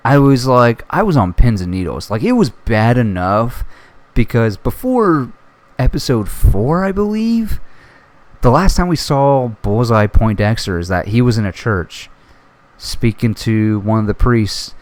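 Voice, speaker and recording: A man hosting a casual solo podcast, reviewing a TV show in an excitable way, swearing often and full of fillers. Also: mid-range voice, a little slow. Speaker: podcast host.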